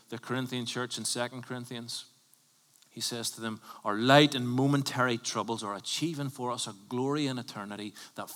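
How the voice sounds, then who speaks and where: Bright-voiced preacher in a hall. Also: male voice, lowish voice. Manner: emphatic, conversational preaching with sudden bursts and drops to near whisper. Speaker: pastor. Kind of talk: sermon. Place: church.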